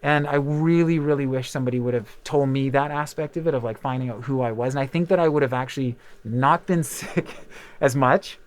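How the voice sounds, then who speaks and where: A man's voice: mid-range voice, fairly quick. A man in his thirties, a podcast host and musician, chatting casually and telling rambling, candid stories full of fillers and the odd swear word. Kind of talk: casual chat.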